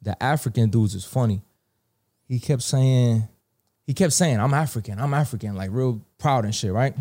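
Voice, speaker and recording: A man with a New York accent telling a casual story, slangy and animated, acting out the dialogue. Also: medium pitch, measured pace. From New York (Bronx).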